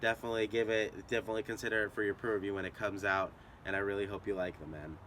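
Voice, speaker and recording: A man's voice: lowish voice, flat delivery, very fast, fairly bright tone, slight background noise. A young man telling a story to his channel in a casual, profane, rambling way.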